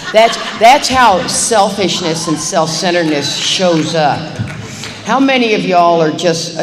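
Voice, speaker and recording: A middle-aged woman giving a recovery talk to a live meeting audience, animated and acting out little dialogues as she goes. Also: low voice. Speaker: AA meeting speaker. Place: meeting hall. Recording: reverberant live hall recording, faint hiss.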